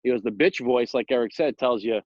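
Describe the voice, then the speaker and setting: A man co-hosting a podcast chat, telling stories in an animated way and filling gaps with "like" and "you know". His voice sits at a middle pitch. The recording is dry and slightly muffled. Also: a little fast, no echo. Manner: animated storyteller, full of fillers like "you know". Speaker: podcast co-host.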